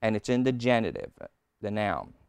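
A male preacher teaching a sermon, slow and emphatic, with sudden loud stresses on key words. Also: fairly low pitch, wildly swooping pitch, creaky, smooth, no room sound, clean studio sound. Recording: old taped sermon.

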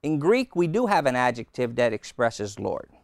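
A male preacher teaching a sermon, slow and emphatic, with sudden loud stresses on key words. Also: medium pitch, sing-song, vocal fry, no echo, clean studio sound. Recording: old taped sermon.

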